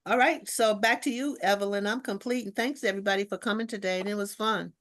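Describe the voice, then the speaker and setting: Animated woman minister telling stories. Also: mid-range voice, quick pace. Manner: animated storyteller, acts out quoted voices; slangy, warm-hearted spiritual talk. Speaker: guest minister. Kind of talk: casual chat.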